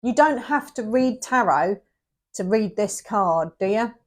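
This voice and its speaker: Slightly slow but animated, her medium-pitched voice carries a tarot reading aimed at the camera. The reader is emotional and on the verge of tears, talking directly to the viewer and often lowering her voice to a whisper.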